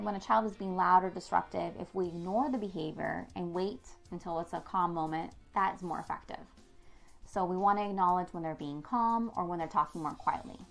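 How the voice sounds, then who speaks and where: A woman in her thirties, an expert on child development, explaining discipline clearly with the odd filler. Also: mid-range voice. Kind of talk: educational talk to camera.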